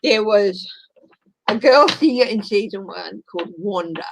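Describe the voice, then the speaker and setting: A woman hosting a casual chat, talking in an animated, chatty way. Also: medium pitch, measured pace, gravelly, slight background noise, poor audio. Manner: animated, chatty, breaks into voices and laughter. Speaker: host.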